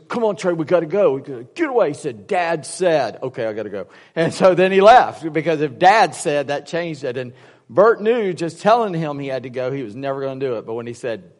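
A man's voice: mid-range voice, in a large hall. A man preaching a casual sermon, rambling through personal stories with many restarts and fillers. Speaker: pastor.

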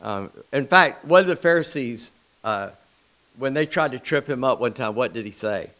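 A man's voice: medium pitch, expressive, moderate pace, fairly bright tone, low-quality recording. A man preaching an informal sermon in a small church, folksy and conversational, with asides and restarts. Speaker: pastor.

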